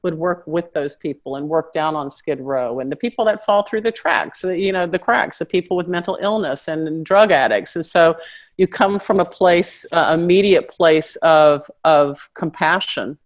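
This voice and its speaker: A middle-aged woman with a slight Southern American accent, telling stories in a casual interview and acting out other people's voices with big jumps in pitch. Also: normal speed. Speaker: comedian and actress guest.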